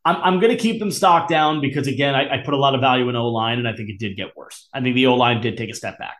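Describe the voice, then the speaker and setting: A man co-hosting a casual sports podcast, rambling and teasing his partner with deadpan insults and frequent laughs. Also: mid-range voice, fast. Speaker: podcast co-host. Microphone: camera-facing podcast mic.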